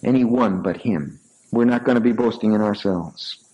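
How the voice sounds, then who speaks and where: Poor audio captures an older pastor with a fairly low voice preaching at a normal speed in a church sanctuary. He shares a personal story in his sermon, swinging animatedly between soft asides and raised, emphatic peaks.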